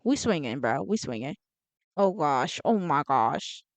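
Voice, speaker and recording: A young woman casually commenting on a story game, excitable and slangy, often talking back to the characters and quick to shout. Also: deep voice, no echo. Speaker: gamer playing a story game. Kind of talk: casual let's-play commentary.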